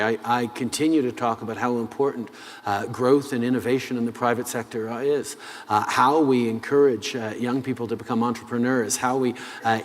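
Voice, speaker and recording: Measured man pausing on "uh"s. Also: medium pitch, long reverb tail. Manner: measured, with frequent "uh" pauses. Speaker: head of government being interviewed. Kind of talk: interview answers.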